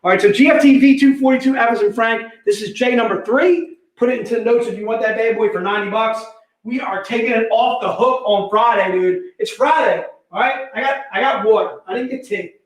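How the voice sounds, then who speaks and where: A man hosting a live comic book sale, pitching deals in energetic, repetitive, joking hype talk. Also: fairly quick. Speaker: host selling comic books. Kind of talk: live online sales pitch. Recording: echoey room.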